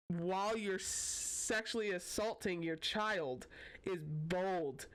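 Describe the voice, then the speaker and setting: A woman's voice: mid-range voice, slow pace. A young woman giving casual reaction commentary as host, emphatic and blunt, swearing casually.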